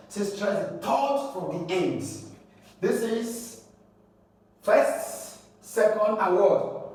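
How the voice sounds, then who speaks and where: High-voiced Nigerian man teaching in an echoey room. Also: darkish tone. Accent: Nigerian English. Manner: explains slowly, quizzes the listener, spells out letters. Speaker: exam prep teacher. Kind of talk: exam coaching lesson. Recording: echoey room, mic at a distance, faint background hiss.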